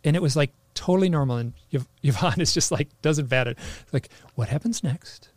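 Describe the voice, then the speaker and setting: A man's voice: fairly high pitch, a little fast, dry recording. A man telling a personal story in casual conversation, rambling with lots of "like" fillers and restarts. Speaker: interview guest.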